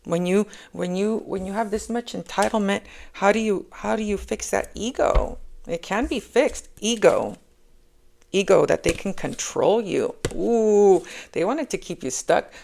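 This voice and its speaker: A woman's voice: medium pitch, a little slow, gravelly, darkish tone, slight background noise. A woman giving a casual spoken tarot reading. She rambles, repeats herself and keeps checking in with "okay?". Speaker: tarot reader.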